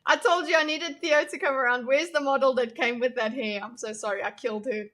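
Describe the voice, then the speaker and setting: A young woman hosts a casual livestream, chatting with her viewers. Her voice sits a little high with a bright, forward edge. She is jokey and self-deprecating and laughs easily. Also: fairly even intonation, fairly quick. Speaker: livestream host. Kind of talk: casual livestream chat reacting to chat.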